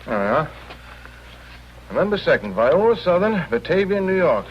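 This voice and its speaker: An actor playing a brisk, cynical hotel clerk in an old radio drama. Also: male voice, a little high, big pitch swings, slight background noise. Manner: brisk, wisecracking. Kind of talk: 1950s radio drama acting. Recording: dull lo-fi old radio recording.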